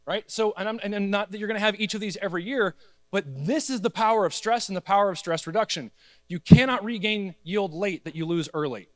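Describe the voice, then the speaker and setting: Energetic high-voiced man presenting to growers. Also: no echo. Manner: energetic, conversational, addresses audience as guys, acts out the plant's voice. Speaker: agronomy speaker at a grower meeting. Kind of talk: conference presentation.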